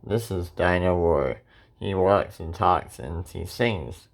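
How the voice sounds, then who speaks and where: A man's voice: low voice, slow, gravelly, full character voice. A man voicing a polite fox shopkeeper in a children's storybook read-aloud.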